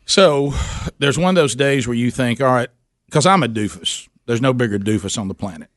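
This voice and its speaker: A man's voice: mid-range voice, expressive, normal speed, a bit bright, dry recording, clean studio sound. A middle-aged man, telling a story in a casual interview, self-deprecating and often repeating himself. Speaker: guest talking about his men's ministry.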